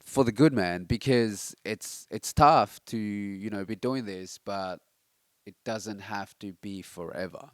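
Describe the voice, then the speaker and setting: A young man with a very low voice talks on a late-night personal vlog, reflective and rambling, full of fillers and restarts. His tone is smooth and resonant, and the recording is close and dry, with no room sound. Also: no echo. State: itchy throat, tired. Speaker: vlogger.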